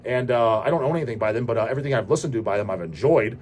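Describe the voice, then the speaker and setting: A man's voice: medium pitch, animated, rapid-fire, darkish tone. A man hosting a show, answering viewer questions in a profane, ranting casual style. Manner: profane, ranting, repeats goddamn. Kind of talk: casual rant.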